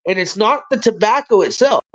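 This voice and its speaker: In a casual livestream chat, a male host with a high voice talks a little fast, rambling and swearing in an animated way. The recording has a dull, lo-fi sound.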